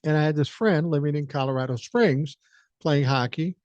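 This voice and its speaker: A man's voice: on the high side, moderate pace, darkish tone, no echo, highs cut off. A man in his sixties from the American Midwest, hosting a podcast and telling a story in a blunt, profane, laid-back way. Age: 60s. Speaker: podcast host. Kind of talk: casual storytelling monologue.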